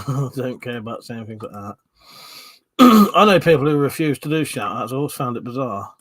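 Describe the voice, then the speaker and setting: A man's voice: medium pitch, expressive, normal speed, no room sound. A man with a Southern English accent hosting a casual live stream, swearing freely, bantering and reading out viewer comments. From Southern England.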